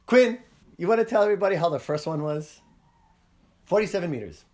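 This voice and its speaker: A man's voice: high-pitched, lively intonation, fairly quick, a little mellow. A man hosting a casual podcast, chatting about movies, acting out scenes in funny voices and laughing often. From Hawaii. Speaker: podcast host.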